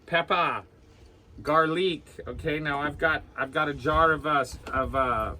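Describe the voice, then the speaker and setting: Male cooking vlog host, slightly high voice, loose and rambling, keeps checking in with "okay?". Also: measured pace, pushed and bright, slight background noise. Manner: rambling, tags sentences with "okay?". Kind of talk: casual cooking demonstration. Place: aboard a small sailboat.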